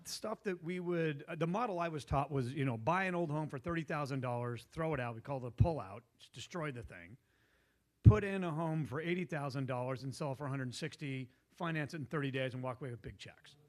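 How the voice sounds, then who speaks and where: A man's voice: on the high side, expressive, a little fast, a little mellow. A man telling a long, digressive story at a meetup, laughing often and losing his thread. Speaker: guest investor. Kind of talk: casual storytelling. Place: meetup room.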